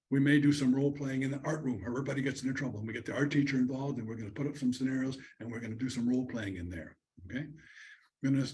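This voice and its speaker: A man's voice: mid-range voice, darkish tone. A man giving an online conference lecture on counseling students, talking conversationally and acting out what a student and a counselor would say. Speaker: conference presenter. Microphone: video call.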